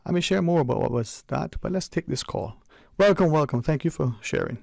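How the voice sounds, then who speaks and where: A man hosting a call-in radio show, his voice gravelly with fry. He chats in an easygoing way and often restarts his sentences. The studio sound is dry and close. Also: on the high side, expressive, a little fast, darkish tone, no room sound. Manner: easygoing, chatty, with frequent restarts. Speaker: radio talk show host. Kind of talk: casual call-in radio chat. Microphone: close studio mic.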